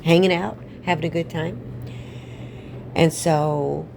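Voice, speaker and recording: A woman's voice: low voice, steady tone, takes it slowly, gravelly, background noise. A woman casually retelling a fairy tale with rambling, offhand, irreverent asides. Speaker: storyteller. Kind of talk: casual comic storytelling.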